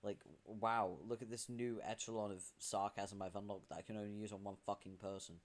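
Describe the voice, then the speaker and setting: A man's voice: lowish voice, fairly even intonation, fast talker, darkish tone. A British man streaming, chatting casually with dry, sarcastic asides. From Britain.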